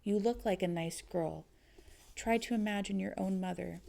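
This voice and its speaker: A woman voicing a dignified father who gently but firmly reproaches a girl he thinks is an impostor. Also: medium pitch, normal speed, creaky, lightly acted. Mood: solemn. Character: grave, gentle father, stern toward an impostor.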